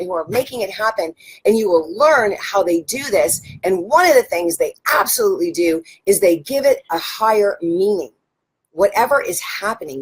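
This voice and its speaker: Animated, husky-voiced woman coach. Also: medium pitch. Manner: animated storytelling with frequent "right?" check-ins; enthusiastic, occasional swearing. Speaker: life and business coach. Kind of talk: motivational live talk to an audience.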